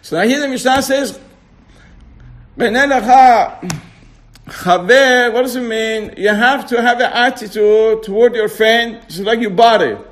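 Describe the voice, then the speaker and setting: A man with a very high voice teaches an informal religious class. He repeatedly quizzes his listeners and slows down to stress key words.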